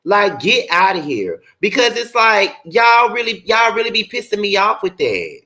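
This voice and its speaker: A man's voice: high-pitched, very animated, moderate pace, pushed and bright. A young man hosting a livestream, ranting bluntly and profanely, repeating his points for emphasis. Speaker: show host.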